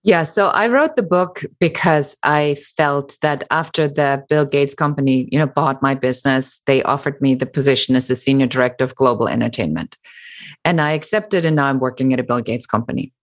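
Woman, low pitch, middle-aged, emphatic, interview guest. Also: fairly quick. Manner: animated, emphatic, sarcastic mimicry. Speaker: author and business founder. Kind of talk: interview answer.

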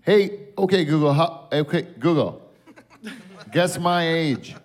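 A man's voice: a little high, slow pace. A man hosting a late-night show, bantering bluntly and swearing freely. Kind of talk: casual on-air banter.

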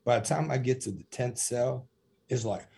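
A man in ministry telling lively stories in a podcast interview, acting out what people said. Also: mid-range voice, normal speed, vocal fry, slightly rough. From USA. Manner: animated storyteller, acts out quotes with laughs. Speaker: prison minister.

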